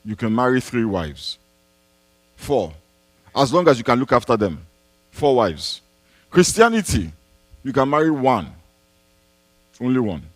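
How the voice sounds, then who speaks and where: A man's voice: mid-range voice, big pitch swings, unhurried, pauses often, no echo. A man, a pastor answering a congregation's questions in an emphatic preaching style, repeating key phrases and posing rhetorical questions. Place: church.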